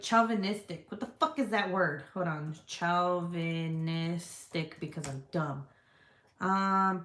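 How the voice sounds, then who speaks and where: A woman vlogger chatting casually and answering viewer comments, frank and profane and quick to laugh. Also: lowish voice, fairly bright tone. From United States. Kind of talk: casual chat. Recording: echoey room.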